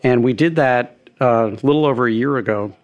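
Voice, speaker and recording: A middle-aged man talks in an easy, anecdotal way, a restaurateur recalling his early days with a touch of self-deprecating humor. His pitch sits in an ordinary middle register, unhurried and conversational. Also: lo-fi sound. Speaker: restaurateur guest. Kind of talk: conversational storytelling interview.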